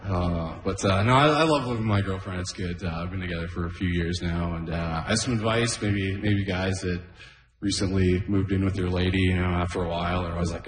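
Man, thirties, stand-up comedian, deadpan, self-deprecating, lowish voice, echoey club room. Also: moderate pace. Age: 30s. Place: open mic stage in a room. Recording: echoey room with long reverb.

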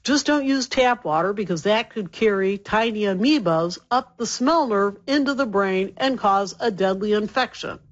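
A woman doctor, still getting over a cold, explaining health facts clearly and emphatically as a radio guest. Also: mid-range voice, normal speed, few pauses, lo-fi sound. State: recovering from a cold.

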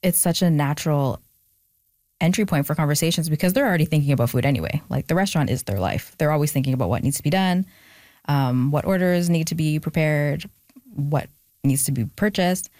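A woman's voice: low voice, fairly quick, darkish tone, no room sound, clean studio sound. A young adult woman, an author being interviewed, talking reflectively with many fillers. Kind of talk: conversational interview.

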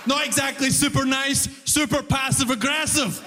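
A man doing a stand-up comedy routine, telling stories with animated energy and laughing along, English not his first language. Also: very high voice, normal speed, in a large hall, background noise. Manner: animated storyteller, breaks into laughter.

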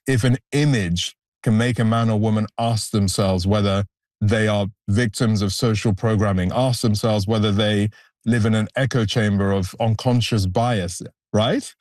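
A man with a fairly low voice speaks earnestly as a guest, reflective and emphatic, recorded close in a dry studio. He sounds like someone talking through his own story. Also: fairly even intonation, moderate pace, a little mellow, no room sound. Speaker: photographer, guest. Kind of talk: conversational interview answers.

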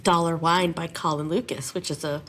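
Animated low-voiced music teacher. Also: female voice, moderate pace. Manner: animated, chatty storytelling. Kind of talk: radio interview.

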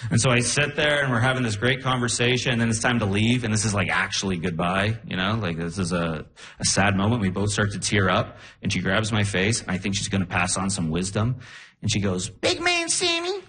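A man's voice: fairly low pitch, fairly even intonation, brisk, a bit bright. A young man doing a stand-up comedy set, chatty and self-mocking.

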